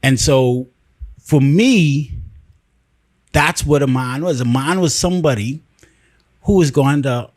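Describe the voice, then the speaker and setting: A man hosting a casual podcast, talking with animated, emphatic storytelling and frequent restarts. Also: mid-range voice, slow pace, pauses often, dry recording. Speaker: podcast host.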